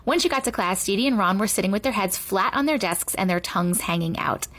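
A woman reading a children's chapter book aloud with expressive storytelling. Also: mid-range voice, quick pace. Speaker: reader.

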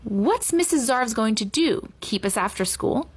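A woman voicing a cheeky, spirited young schoolgirl with a bright, high, defiant way of talking. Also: lively intonation, unhurried, slightly rough.

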